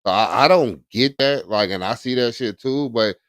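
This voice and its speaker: A man's voice: mid-range voice, moderate pace, a bit bright, dry recording, studio quality. A man chatting casually as a podcast co-host, laid-back and repeating "you know what I'm saying". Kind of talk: casual chat.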